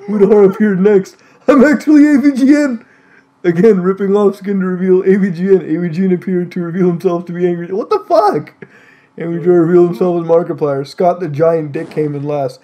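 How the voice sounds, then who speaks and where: A man's voice: sits high, brisk, warm tone, highs cut off. A man reading a joke story aloud with friends, breaking into laughter and swearing in exasperated asides. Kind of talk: comic read-aloud on a group call.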